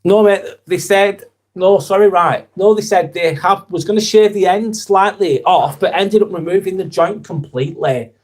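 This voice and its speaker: Man, young adult, earnest rambling live-stream chat, slightly high voice. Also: moderate pace, darkish tone. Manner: earnest, rambling, swears casually. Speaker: live vlog host.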